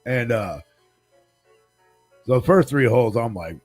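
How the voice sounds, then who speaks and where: A man's voice: medium pitch, animated, measured pace, a little mellow, soft background music. A man in his forties, a podcast host, telling a long profane story in casual chat and acting out the other people's lines. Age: 40s.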